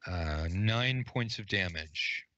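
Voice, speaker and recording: A man with a lowish, bright voice runs a tabletop game, narrating in a halting, filler-heavy way. The recording is dull and lo-fi, and the room has no echo. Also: animated. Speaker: game master.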